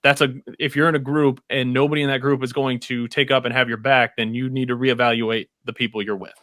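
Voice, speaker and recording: A man's voice: mid-range voice, little pitch movement, brisk, a bit bright, dry recording, studio quality. A man co-hosting a podcast, giving opinionated, rambling explanations full of restarts and examples. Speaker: podcast co-host. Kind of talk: casual podcast chat.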